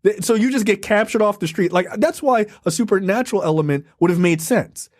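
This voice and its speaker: Guy ranting about a movie, high lively voice, dry close mic. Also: fairly quick, no echo. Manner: animated, profane, laughing. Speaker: podcast co-host. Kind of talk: casual review chat.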